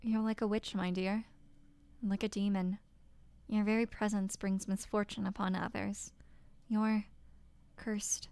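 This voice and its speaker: A woman reading the lines of a cold, cruel husband from a game in a flat, contemptuous tone. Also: mid-range voice, unhurried, creaky, clean tone, dry recording. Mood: scornful. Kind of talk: reading game dialogue aloud.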